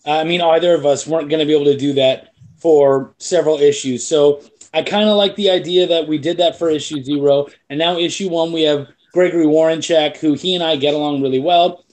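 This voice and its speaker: A comic book creator chatting casually, an animated storyteller who swears freely. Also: male voice, a little high, fairly quick. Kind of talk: casual chat.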